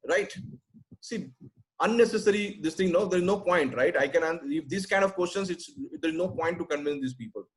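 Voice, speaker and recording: Male sales trainer, slightly raised pitch, blunt emphatic delivery over a video-call mic. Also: lively intonation, moderate pace, poor audio. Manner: blunt, emphatic, repeats "right?" and "simple". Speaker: sales trainer answering questions. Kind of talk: webinar Q&A.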